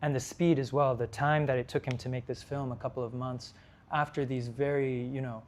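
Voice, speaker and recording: Young male lecturer, mid-pitched, halting delivery full of fillers. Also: little pitch movement, slight background noise. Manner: hesitant, many fillers and restarts. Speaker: lecture speaker. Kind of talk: conference talk. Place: lecture hall.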